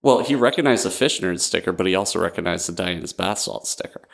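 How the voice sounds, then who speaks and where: A man's voice: sits low, lively intonation, fast talker, creaky. A man co-hosting a casual podcast, laid-back with short replies. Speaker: podcast co-host.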